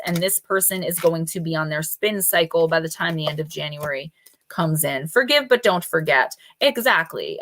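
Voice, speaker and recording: Hosting a live oracle card reading stream, a woman with a lowish, slightly bright voice chats casually and calls out viewers by name. Her informal style includes loose fillers and mild cursing.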